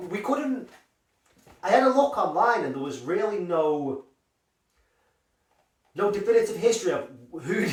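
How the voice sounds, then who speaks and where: Slightly high-voiced and far from the mic, this food reviewer gives a frozen pie a casual once-over in his vlog. Expect rambling, swearing, and self-mocking jokes, all captured off mic in a room full of echo.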